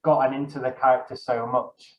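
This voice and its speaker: A young man talks casually as an interview guest, rambling and correcting himself as he goes. The room around him is echoey, and the sound is a bit dull and lo-fi. His pitch sits in an ordinary middle range. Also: little pitch movement, a little fast. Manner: rambling, self-correcting, many fillers. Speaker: guest, dungeon master.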